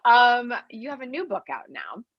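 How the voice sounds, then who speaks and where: A woman's voice: a little high, sing-song, moderate pace, breathy edge, no room sound. Woman host rambling along, chatty, dry slightly dull mic. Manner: chatty, rambling with fillers and restarts. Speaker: podcast host. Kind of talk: casual interview chat.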